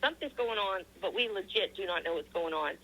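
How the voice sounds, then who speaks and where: A woman's voice: mid-range voice, expressive, a little fast, a bit bright, poor audio. A woman answering interview questions, telling a personal story in a casual, earnest way with many ums and acted-out quoted dialogue. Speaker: interview guest.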